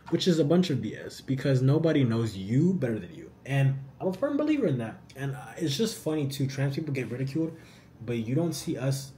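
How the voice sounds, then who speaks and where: A young man talks through a casual Q&A vlog. He is animated and slangy, and keeps throwing in "bro." His voice sits mid-range and sounds warm and mellow, with a faint hiss of background noise. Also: medium pitch, fast. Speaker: YouTuber answering viewer questions.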